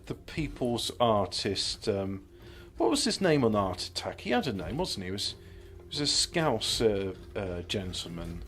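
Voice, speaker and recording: A man streaming a game, rambling through sardonic jokes and muttering to himself as he plans his moves. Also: mid-range voice. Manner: self-muttering while planning moves. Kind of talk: casual gameplay commentary.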